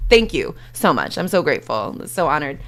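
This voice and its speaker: A woman's voice: sits low, sing-song, moderate pace. A woman streamer chatting casually and playfully, full of fillers and acted-out quotes while retelling a movie.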